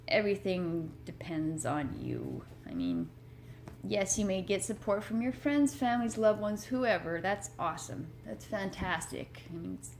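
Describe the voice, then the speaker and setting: A woman talks at home in a loose, rambling way, earnest and a little self-deprecating. Her voice sits at a middle pitch. A faint hiss of room noise hangs under her words. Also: creaky. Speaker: motivational vlogger. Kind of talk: rambling casual chat.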